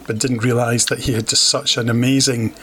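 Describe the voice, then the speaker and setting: A man's voice: medium pitch, little pitch movement, brisk, bright, forceful tone, a little hiss or hum. A man co-hosting a podcast in casual chat, enthusiastic and a little rambling, full of praise. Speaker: podcast co-host.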